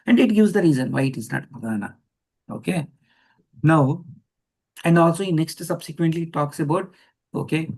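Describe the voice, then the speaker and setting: A man's voice: a little high, creaky, a little mellow. A man giving a devotional scripture lecture, repeating key lines and checking with his listeners. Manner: repeats key phrases, asks "yes or no?" to the audience. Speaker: scripture teacher.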